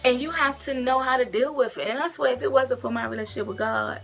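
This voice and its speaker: Woman vlogging about her life, bright clear voice, earnest and expressive, bit of music under it. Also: high-pitched, fast talker. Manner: earnest and expressive, retells events with emotion and direct advice. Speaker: vlogger sharing her weight-loss surgery experience. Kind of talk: casual to-camera storytelling and advice.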